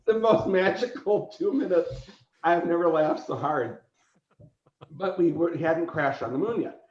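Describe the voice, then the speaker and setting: A man, a convention organizer appearing as a podcast guest, telling an animated story, laughing often and acting out quotes. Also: on the high side, unhurried. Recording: roomy echo, dull lo-fi sound.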